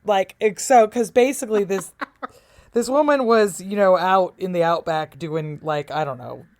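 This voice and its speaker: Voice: medium pitch, unhurried. A podcast co-host telling a story in casual chat, chatty and laughing along the way.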